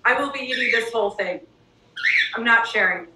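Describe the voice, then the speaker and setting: A woman co-hosting a home cooking video, chatting casually and gushing over her dessert. Her voice is bright and a little high, with a tense edge. She sounds set back from the mic in an echoey kitchen. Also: brisk. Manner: enthusiastic, gushing about food. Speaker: cooking show co-host. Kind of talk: casual chat while tasting food. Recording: echoey room, mic at a distance.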